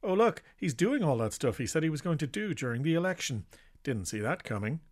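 A man's voice: a little high, big pitch swings, fairly quick, pitched above the performer's own voice. A man making a sarcastic comic aside in a mocking, sing-song tone.

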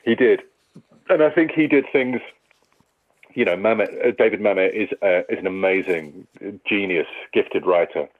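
A very low-voiced man talks through acting in a radio interview, thinking aloud and circling back over his phrases. The sound is thin and phone-like, as if squeezed through a narrow line. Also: moderate pace. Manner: thoughtful, restarts sentences while working out ideas. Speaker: stage and TV actor.

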